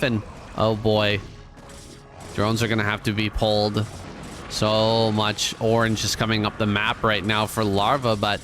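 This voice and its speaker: A man giving relaxed, conversational play-by-play commentary on a strategy game match, with casual asides. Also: on the low side. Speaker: esports caster.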